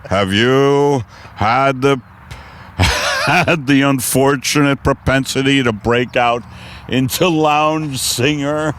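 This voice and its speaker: A man's voice: medium pitch, takes it slowly, fairly bright tone. A man hosting a podcast, riffing improvised comedy in a rambling way with restarts and chuckles, outdoors in a park. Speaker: podcast host.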